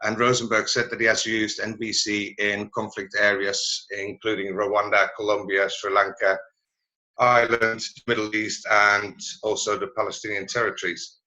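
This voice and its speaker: A man giving a presentation over a video call, halting and searching for his words as he goes. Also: on the low side, little pitch movement, pushed and bright, muffled recording. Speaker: presenter at a learning network meeting. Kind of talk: online meeting presentation.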